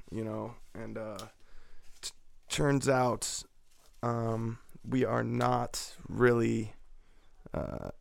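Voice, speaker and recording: A man's voice: lowish voice, creaky, dry recording, clean studio sound. A young man casually telling a rambling, profane anecdote, laughing now and then. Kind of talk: casual storytelling.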